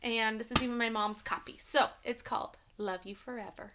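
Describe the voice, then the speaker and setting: A woman teacher chatting lively and warmly to young children before reading them a book aloud. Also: fairly high pitch, fairly quick, noisy background.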